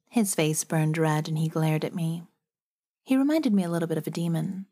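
A woman narrating a romance audiobook in the first person, steady and clear. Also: low voice, moderate pace.

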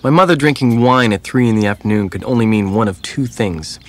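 A man's voice: mid-range voice, a little fast, very noisy, lightly acted. An actor playing a reserved teenage boy who narrates his story in a dry, reflective way. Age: teens. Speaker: narrator and high school student.

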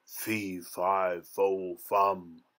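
A man's voice: low-pitched, little pitch movement, very slow, a bit bright, exaggerated voice. A man voicing a huge, angry, man-eating male giant in a storybook reading, growling and bellowing. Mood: muttering.

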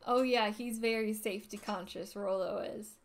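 A woman's voice: mid-range voice, steady tone, normal speed. A woman streamer reading a game's text aloud, with casual, playful asides.

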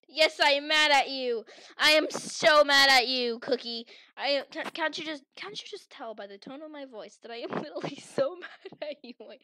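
Girl gaming with friends, high bright voice, slow drawn-out lines, dramatic fake anger, giggles a lot. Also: no echo. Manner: theatrical, swings from mock fury to shouting; teasing, giggly. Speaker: gaming channel host. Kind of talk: playful game commentary with friends.

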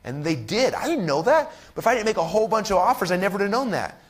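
A man in his thirties teaching an online marketing workshop. He talks excitedly, keeps asking "right?" and acts out other people's voices. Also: high voice, fast talker.

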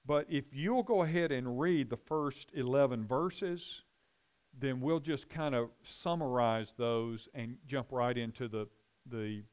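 A man's voice: medium pitch, slow pace, a little mellow, smooth. A middle-aged man, a pastor, teaching a Bible study and telling a rambling story full of restarts.

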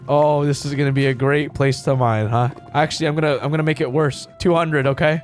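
A man's voice: on the high side, fairly quick, few pauses. A young man giving playful, teasing gaming commentary as he hosts a server event, full of gleeful exclamations. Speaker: Minecraft YouTuber hosting a server event. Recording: voice over loud background music.

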